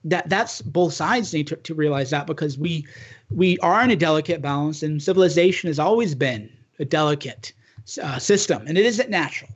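A man's voice: on the high side, animated, moderate pace, husky. A man in earnest, casual political chat who talks emphatically and often restarts his sentences.

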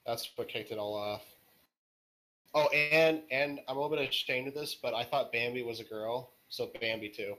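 A man appearing as a podcast guest, answering questions in a casual, hesitant way. He pauses and fills gaps while he thinks. His pitch sits in the middle of the range. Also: bright, forceful tone, poor audio. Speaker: interview guest.

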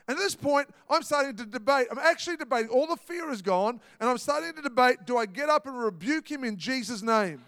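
A man's voice: very high-pitched, lively intonation, quick pace, hardly any pauses, a bit bright, no room sound, studio quality, long reverb tail. A man preaching a sermon, emphatic and repetitive, telling stories to make his point. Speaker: pastor.

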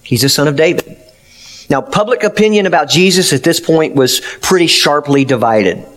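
A man's voice: fairly high pitch, animated, moderate pace, a bit bright. A man pastor preaching a sermon, retelling a story earnestly with emphatic, plain-spoken applications.

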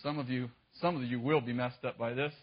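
A man's voice: mid-range voice, fairly even intonation, a little fast, lo-fi sound. A man preaching, telling a personal story with self-mocking humor and frequent laughs. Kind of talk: storytelling sermon.

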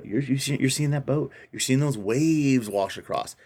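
A man's voice: mid-range voice, moderate pace, a little mellow, husky. A man casually recapping a film on a podcast, rambling and enthusiastic, acting out quotes in changed voices. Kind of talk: casual chat.

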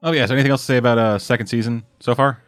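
A man co-hosting a casual anime podcast, bantering in a quick, wry way. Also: medium pitch, steady tone, fairly bright tone, clear, resonant tone. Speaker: podcast co-host. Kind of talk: casual anime review chat.

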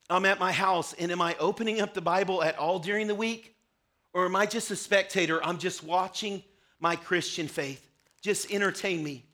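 A man's voice: sits high, pushed and bright. A man preaching a passionate sermon to a church congregation. He often rises into fervent, pleading prayer. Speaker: pastor. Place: church service before a congregation.

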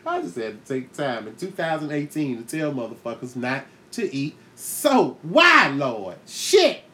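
A man hosting a podcast, telling a comic story in a profane, animated way, laughing often and acting out the voices in it. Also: mid-range voice, slight background noise. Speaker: podcast host. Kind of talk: comedic storytelling monologue.

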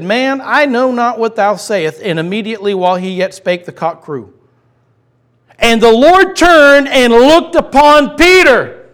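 Middle-aged male pastor, high tenor, passionate sermon delivery that drops to a hush. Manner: impassioned, swings from loud to hushed.

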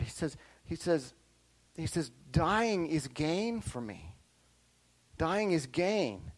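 A middle-aged male pastor preaching a sermon to young listeners, animated and checking in often with "right?" and "okay?". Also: fairly high pitch, slow pace, low-quality recording. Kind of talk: sermon to children and youth.

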